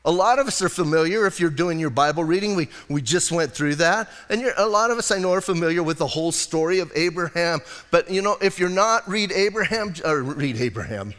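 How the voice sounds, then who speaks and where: A middle-aged male pastor preaching a sermon in a chatty, animated storytelling manner. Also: a little high, a little fast, hardly any pauses. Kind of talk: expository sermon. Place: church. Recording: reverberant church sanctuary.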